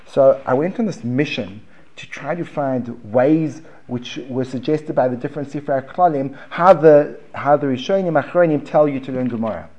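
A man with a South African accent teaching a Talmud class in a relaxed, conversational way, restarting phrases and checking in with his students. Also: medium pitch, normal speed, highs cut off. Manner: conversational, repeats words and restarts, asks the room questions. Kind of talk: informal classroom lecture. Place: basement classroom.

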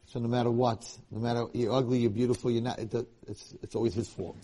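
A man giving a Torah lecture, telling a story in an animated way that restarts and repeats phrases often. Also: medium pitch, fast talker.

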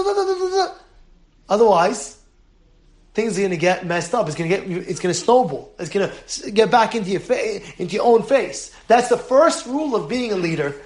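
A man, a rabbi giving a lively Torah class to his congregation, laughing often and acting out voices. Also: high-pitched, roomy sound. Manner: animated, laughing, acts out voices.

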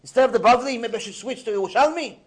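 A humble, overwhelmed male scholar, put on by a man telling a story, pleading and plaintive. The voice sits high and swings up and down with feeling. It is an everyday storytelling voice, not a polished character voice. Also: lively intonation, fast talker. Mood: worried. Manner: pleading, plaintive, sometimes tearful. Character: poor devout male Torah scholar, meek, overwhelmed father.

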